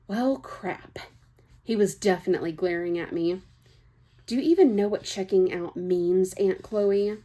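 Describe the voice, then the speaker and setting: A woman's voice: on the low side, a little mellow. A young woman reading a novel aloud, chatty, breaking off for casual asides. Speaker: book reader.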